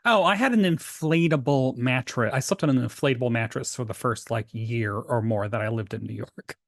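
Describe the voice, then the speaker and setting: A podcast co-host from Tennessee recaps an old sitcom episode in a casual chat, speaking fairly quickly in a creaky, mid-range voice. He's animated, laughs often and acts out the show's lines, recorded dry in studio quality.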